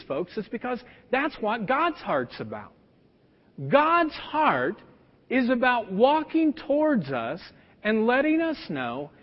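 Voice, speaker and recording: A middle-aged male pastor preaching a sermon, telling a personal story in a conversational way with plenty of fillers. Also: sits high. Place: church sanctuary. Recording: dull lo-fi sound with long church reverb.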